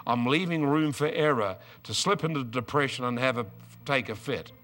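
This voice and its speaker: An older man preaching a storytelling sermon, moving from quiet asides to loud, excited outbursts. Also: mid-range voice, normal speed, faint music behind.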